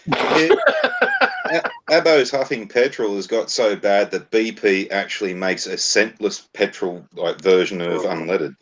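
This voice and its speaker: A man's voice: on the low side, unhurried, fairly bright tone. An Australian man co-hosting a podcast, telling profane, swaggering stories in casual banter. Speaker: podcast co-host.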